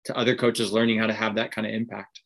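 A man's voice: on the low side, flat delivery, quick pace, gravelly, a bit bright. A man hosting an interview, asking questions with short reactive affirmations.

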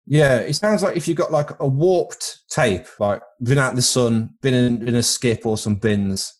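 A man's voice: medium pitch, normal speed, darkish tone. A man from Britain co-hosting a podcast in casual chat, rambling into crude comic tangents. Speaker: podcast co-host.

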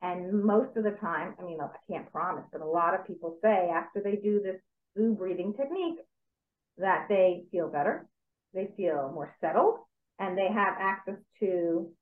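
Woman coach guiding breathing over a tinny call. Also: on the low side. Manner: calm, step-by-step instructive. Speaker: stress coach. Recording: tinny call audio in an echoey room.

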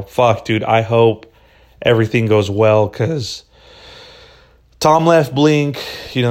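Male solo podcast host, casual rambling delivery, lots of swearing and "dude.". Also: medium pitch. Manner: rambling and profane, full of "dude" and "man".

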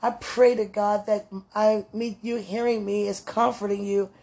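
A woman, talking warmly and laughing as she gushes to her fiancé in a casual, heartfelt message. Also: mid-range voice, flat delivery, moderate pace, vocal fry. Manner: affectionate, laughing, gushing, religious.

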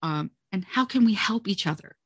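A woman's voice: medium pitch, expressive, normal speed, slightly rough, no echo, studio quality. A woman who teaches music, chatting as an interview guest and telling stories expressively, often saying "you know" and "like". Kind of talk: conversational interview talk.

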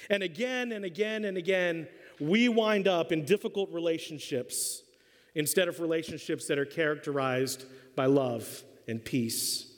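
A middle-aged man preaches in a church auditorium, telling a comic family story with lively acted-out voices. His voice sits high for a man. Long reverb trails behind his words. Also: normal speed. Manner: animated storyteller acting out voices. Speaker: pastor. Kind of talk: sermon with a humorous story.

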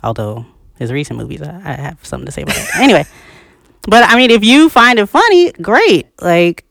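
A podcast co-host in a casual discussion, talking in an animated, emphatic way, with the pitch leaping up on key points and frequent laughter. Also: fairly quick, creaky, dry recording, clean studio sound.

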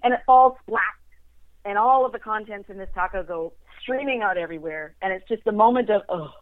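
A woman's voice: mid-range voice, a little fast, no room sound. A woman telling stories in casual conversation, laughing often and acting out quotes. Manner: animated storyteller, laughs often, acts out quotes. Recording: tinny phone line.

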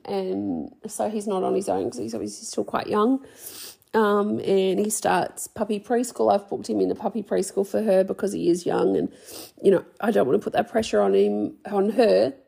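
A woman's voice: medium pitch, vocal fry, dark tone, husky. A young woman hosting her own podcast, rambling casually, swearing freely and poking fun at herself. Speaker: podcast host. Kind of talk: casual solo podcast chat.

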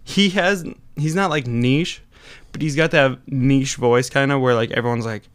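A man co-hosting a podcast in casual chat, rambling and animated, often trailing off. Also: medium pitch, normal speed, clean tone. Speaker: podcast co-host.

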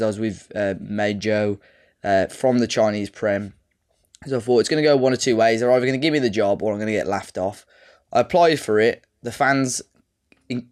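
A man's voice: lowish voice, fairly quick, darkish tone. A man, co-hosting a podcast, telling a long casual story with plenty of fillers and restarts. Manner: rambling, chatty storytelling with fillers. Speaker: podcast co-host. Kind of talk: casual chat about a football management game save.

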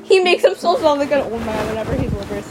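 A woman's voice: a little high, expressive, quick pace, music in the background. A woman in her twenties hosting a casual podcast while gaming, teasing and giggly, now and then bursting into song. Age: 20s. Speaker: podcast host.

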